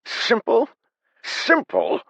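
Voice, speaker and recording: A man voicing a panicky, excitable young male adventurer who shouts and complains. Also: unhurried, no room sound, exaggerated voice. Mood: panicky shouting. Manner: shrill, shouting, agitated.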